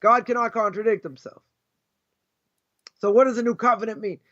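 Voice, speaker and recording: A man with a Boston accent teaches an informal Torah lesson in a strikingly high voice. He argues through rhetorical questions and repeats his points for emphasis. The recording sounds dull and lo-fi. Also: normal speed, a bit bright. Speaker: rabbi teaching a class.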